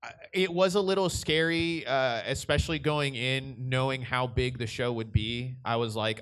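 A man's voice: medium pitch, moderate pace, hardly any pauses, fairly bright tone, clean tone. A young man, a voice director, answering a convention panel question in a casual, rambling way with frequent restarts.

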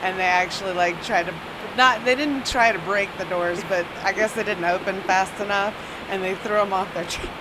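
A woman's voice: medium pitch, normal speed, noisy background. A woman and flight attendant telling a rambling anecdote, correcting herself and laughing. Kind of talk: casual anecdote.

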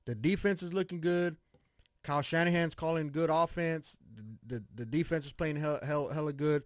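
A man talks football in a loose, excitable way, swearing freely and tripping over repeated words. His voice sits a little high for a man. The sound is dry and close, with almost no room around it. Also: moderate pace, dry recording. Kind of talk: casual sports chat.

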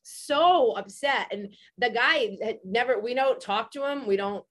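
A woman podcast host telling a story in a casual chat, animated and swearing freely. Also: fairly high pitch, a little slow.

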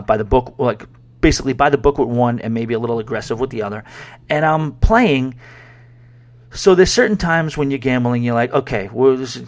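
Male podcast host from New York, middle-pitched, casual rambling storyteller with plenty of fillers. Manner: rambling, conversational, many fillers. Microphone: podcast microphone.

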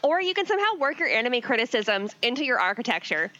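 Bright, lively woman, giggly. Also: a little high, fast talker, lo-fi sound. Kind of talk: casual chat.

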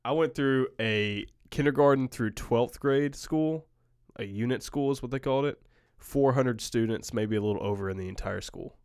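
A man's voice: mid-range voice, darkish tone, clear, resonant tone, no room sound. Wisecracking man, dry close sound. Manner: wisecracking, quick jokes. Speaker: podcast co-host. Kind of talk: casual chat.

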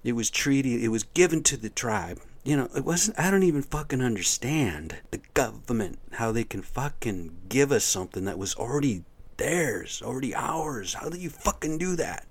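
A man's voice: medium pitch, sing-song, normal speed, husky. A man talking to listeners in a rambling, profane, agitated monologue. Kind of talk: ranting casual monologue.

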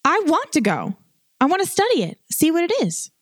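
A woman voicing an aging sailor, curious and restless, pressing her companions with urgent questions in an audio drama. Her voice sits high and swings lively, heard close and dry. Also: a little fast, no echo. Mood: eager.

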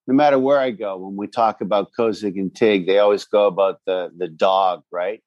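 A man's voice: fairly low pitch, normal speed, dry recording, lo-fi sound. Cursing man recalling old times. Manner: swearing, animated storytelling. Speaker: podcast co-host. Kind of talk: casual chat.

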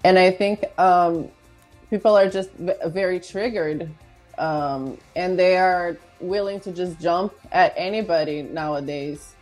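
A woman guest in a casual interview, with a slightly low voice. She speaks easily and unhurriedly, scattering fillers through her answers, while faint music plays underneath. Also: fairly even intonation, unhurried, darkish tone. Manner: easygoing, many "like" fillers. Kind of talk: casual chat.

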